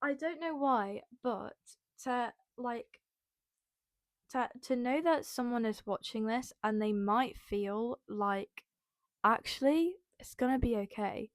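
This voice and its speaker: Young woman, rambling podcast monologue, fairly high voice, emotional, near tears. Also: slow, dry recording, clean studio sound. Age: young adult. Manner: rambling, many fillers. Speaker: podcast host. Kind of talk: casual personal podcast monologue.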